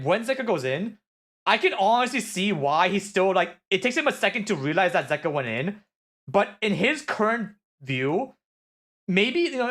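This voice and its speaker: Excitable male streamer, high voice, rambling casual match breakdown. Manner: excitable, rambling with many filler words. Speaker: streamer reviewing esports matches. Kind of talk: casual game analysis.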